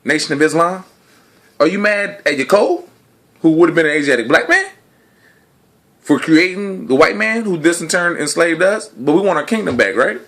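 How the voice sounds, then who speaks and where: A man delivering a casual, argumentative monologue to the camera in slangy speech, full of rhetorical questions, dropping low and quiet, then rising loud and high. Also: lively intonation, moderate pace. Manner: laughs between points. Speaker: video blogger.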